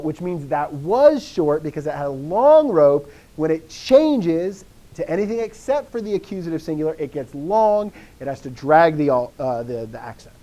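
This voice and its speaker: A man with a slightly higher voice teaches a language lesson. He walks through the grammar step by step, firing questions at his students and answering with quick encouragement. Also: mellow. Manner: quizzing, encouraging. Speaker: Greek teacher. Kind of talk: live online lesson.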